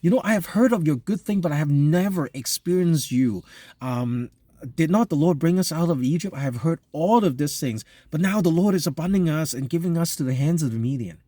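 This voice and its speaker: A man's voice: fairly high pitch, lively intonation, brisk, dark tone, dry recording, pitched above the performer's own voice. A man preaching a sermon and voicing a doubting, anxious ancient man in a raised, exclaiming voice.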